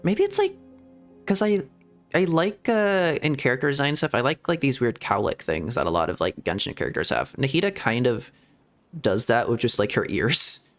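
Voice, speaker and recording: A man's voice: mid-range voice, sing-song, moderate pace, soft background music. A man streaming a game as a VTuber, chatting casually in a playful, rambling way. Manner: playful, rambling, laughs often. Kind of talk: casual live game commentary.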